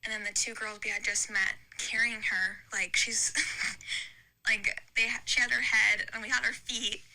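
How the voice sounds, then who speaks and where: A woman's voice: fairly high pitch, level tone, measured pace, bright, forceful tone, low-quality recording. A young woman telling a long, rambling story in casual chat, with lots of "like" and restarts. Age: young adult. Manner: chatty, rambling story with many likes. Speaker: podcast guest.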